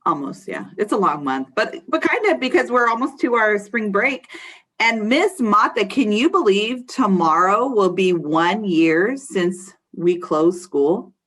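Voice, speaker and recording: A woman's voice: mid-range voice, lively intonation, measured pace, a bit bright. A woman hosting an online school assembly for students, cheerful and playful, teasing her co-host. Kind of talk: upbeat school assembly talk. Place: video call for an online assembly.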